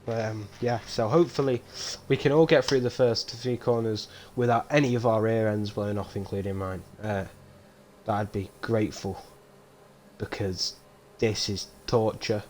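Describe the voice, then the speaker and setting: A man giving live race commentary on a stream, with casual, rambling, self-mocking banter that turns loud and excited when incidents happen. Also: fairly low pitch, moderate pace, a little hiss or hum. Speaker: sim racing league commentator.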